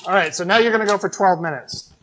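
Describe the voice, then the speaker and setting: A man's voice: high voice, fast, pushed and bright, a little hiss or hum, poor audio. A man co-hosting a casual cooking podcast at home, telling jokes and laughing often. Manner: joking storyteller, laughs often. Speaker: podcast co-host. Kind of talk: casual chat while cooking. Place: home kitchen.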